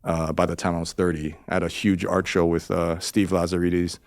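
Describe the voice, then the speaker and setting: A man's voice: low-pitched, level tone, brisk, no echo, studio quality. A man in his forties, a podcast guest telling stories in a rambling, profane way, acting out quotes in a raised voice. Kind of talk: casual storytelling interview.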